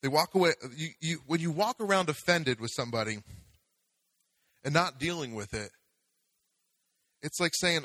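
A man's voice: fairly high pitch, normal speed, pauses often, bright, forceful tone, no room sound, poor audio. A man preaching a sermon as pastor, talking conversationally and building to fervent exhortation.

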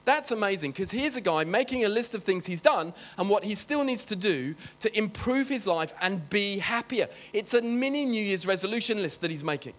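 A man's voice: high-pitched, animated, moderate pace, hardly any pauses, fairly bright tone. A man preaching a sermon in a chatty, joking way, often breaking off to talk to the congregation. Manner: chatty, joking, self-interrupting.

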